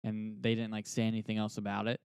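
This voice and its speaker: A young man co-hosting a sports podcast, measured and hedging with lots of fillers. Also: lowish voice, completely flat delivery, creaky, darkish tone, smooth, dry recording, studio quality. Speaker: podcast co-host. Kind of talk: casual sports chat.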